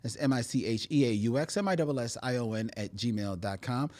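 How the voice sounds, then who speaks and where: A man's voice: mid-range voice, fairly quick, a little mellow. A man co-hosting a live video podcast in casual chat, teasing and laughing often, drawing out words for emphasis. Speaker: podcast co-host. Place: podcast studio.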